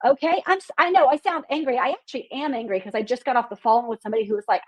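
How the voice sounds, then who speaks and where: A high-voiced woman with a husky edge hosts her marketing podcast. She talks bluntly and outspokenly, swears freely, and drives every point home with fired-up conviction. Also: animated, quick pace, hardly any pauses.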